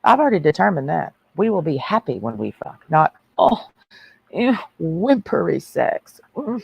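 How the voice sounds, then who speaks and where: A woman's voice: on the low side, sing-song, measured pace, vocal fry, breathy edge, no room sound, rough recording. A woman ranting on a livestream in a brash, mocking, preachy way.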